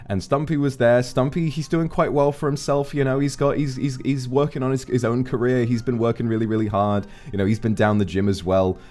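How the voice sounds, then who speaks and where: A man's voice: medium pitch, fairly quick, hardly any pauses. A man streaming, telling rambling, profane stories about his friends in a casual chat. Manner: rambling, profane, animated anecdotes. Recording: faint background music.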